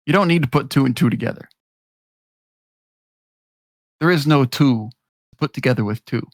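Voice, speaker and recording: A man's voice: mid-range voice, quick pace, dry recording. Young man, crude rambling storyteller. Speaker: podcast co-host. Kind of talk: casual chat.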